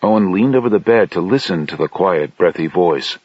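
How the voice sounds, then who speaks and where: A man reading a science fiction audiobook in steady, measured narration. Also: low-pitched, no echo. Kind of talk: scripted narration. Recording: dull lo-fi dry audiobook recording.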